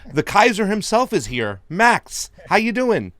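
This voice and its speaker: A man's voice: high-pitched, big pitch swings, measured pace, a bit bright, no room sound, studio quality. A man hosting an interview show, hyped, slangy and profane as he introduces his guest. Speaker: host.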